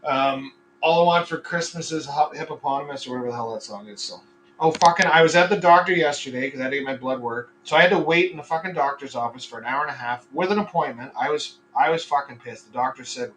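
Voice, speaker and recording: Rambling, cursing farmer podcaster, bright voice. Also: male voice, on the high side, fast talker, distant mic, slight background noise, rough recording. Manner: profane, rambling, frequently sidetracked. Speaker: podcast host and chicken farmer. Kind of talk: casual rambling podcast monologue.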